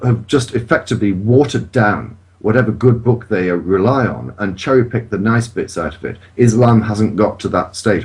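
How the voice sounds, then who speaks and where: Indignant man, low-pitched. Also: darkish tone. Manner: indignant, swearing, emphatic. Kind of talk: casual chat.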